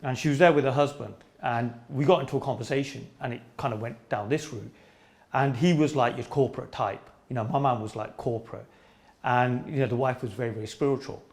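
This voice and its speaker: A man leading an informal spiritual discussion with an audience, teasing and telling stories in a playful way. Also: mid-range voice. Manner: playful, teasing, quick storytelling. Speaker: spiritual teacher in a group talk.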